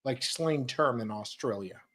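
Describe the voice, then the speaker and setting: Slow-talking American co-host. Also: medium pitch, breathy edge. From United States. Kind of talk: casual live stream chat.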